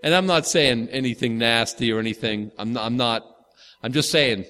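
A man in his fifties preaches in an easygoing, conversational way, circling back with restarts and quick asides. His voice sits at an ordinary middle pitch. It rings with the long reverb of a large hall. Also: bright, forceful tone. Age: 50s. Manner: casual, rambling, with frequent restarts and asides. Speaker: pastor. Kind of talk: conversational sermon.

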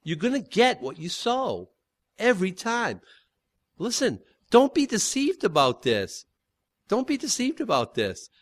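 A man's voice: sits high, wildly swooping pitch, a little slow. A man preaching a sermon in an emphatic, conversational way, repeating his key points. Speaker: pastor.

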